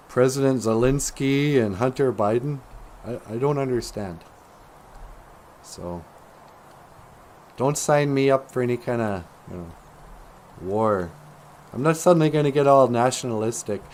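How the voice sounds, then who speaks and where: A middle-aged man holds forth in a loose, rambling monologue as a show host. His pitch swings widely and he takes his time between thoughts, tossing out jokes and chuckling at himself.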